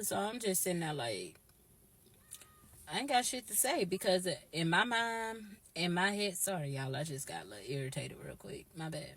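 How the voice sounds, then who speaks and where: A young woman telling a storytime vlog, blunt, profane and animated. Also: fairly low pitch, normal speed. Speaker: YouTuber.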